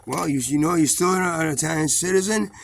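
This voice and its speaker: A man's voice: on the high side, a little fast, creaky, a little hiss or hum, pitched above the performer's own voice. A man voicing a stern male military commanding officer who talks in a blunt, lecturing way. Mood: firm.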